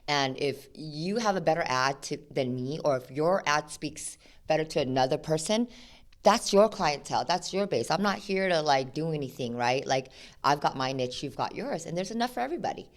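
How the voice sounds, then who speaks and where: A woman from Sacramento, a guest on a podcast, tells animated stories and acts out both sides of conversations, with plenty of "like" and "you know". Her voice sits low for a woman, and she talks casually. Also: moderate pace. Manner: animated storyteller, acts out quoted exchanges, many fillers. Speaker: attorney guest. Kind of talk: casual interview chat.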